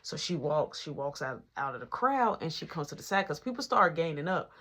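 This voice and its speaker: A young man telling a casual storytime, animated and slangy, acting out each person's lines. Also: a little high, fairly quick.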